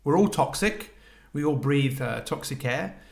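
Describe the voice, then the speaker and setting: A man's voice: mid-range voice, lively intonation, measured pace, gravelly. A middle-aged man hosting a solo coaching podcast, talking reflectively, asking the listener questions and restarting his sentences.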